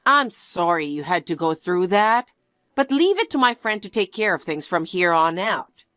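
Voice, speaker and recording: A woman voicing a kind, apologetic middle-aged mother in a one-voice story narration, speaking gently. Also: lowish voice, big pitch swings, moderate pace, dry recording. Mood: concerned.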